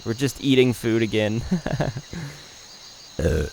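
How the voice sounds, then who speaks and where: A man's voice: on the low side, expressive, takes it slowly, vocal fry, darkish tone, slight background noise, rough recording. A man doing casual, joking let's play commentary, voicing game dialogue.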